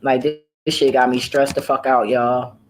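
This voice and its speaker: Low-voiced caregiver lady venting on her vlog, swears a lot, keeps trailing off and restarting. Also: flat delivery, moderate pace, rough recording. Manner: profane, rambling storytelling. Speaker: home care worker. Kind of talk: casual vlog monologue.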